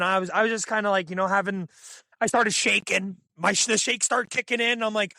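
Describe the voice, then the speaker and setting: Young man, podcast guest, high-pitched, bright tone, dry close sound, excitable storytelling. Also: a little fast, no echo. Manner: excitable, animated retelling with frequent fillers. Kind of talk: casual storytelling.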